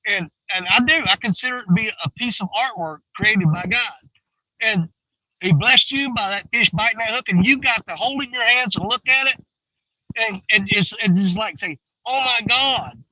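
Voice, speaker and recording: A man talking casually to viewers from a riverbank, folksy and rambling, swinging between excited and hushed. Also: sits high, no room sound, highs cut off. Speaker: outdoor fishing vlogger. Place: outdoors on a riverbank.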